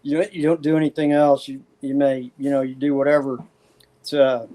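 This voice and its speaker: A man being interviewed as an author, speaking casually and haltingly with many fillers. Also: mid-range voice, little pitch movement, mellow.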